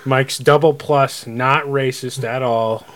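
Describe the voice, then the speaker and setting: A man's voice: medium pitch, steady tone, takes it slowly, fairly bright tone. A man co-hosting a podcast in casual chat, teasing and sarcastic as he chimes in. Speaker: podcast co-host.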